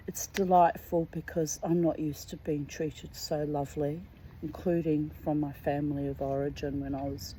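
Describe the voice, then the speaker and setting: A woman's voice: low voice, warm tone, slight background noise, poor audio. A middle-aged woman talking candidly and emotionally in a rambling personal monologue, dropping to a whisper on some asides. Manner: candid, emotional and chatty, drifting between topics. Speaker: vlogger.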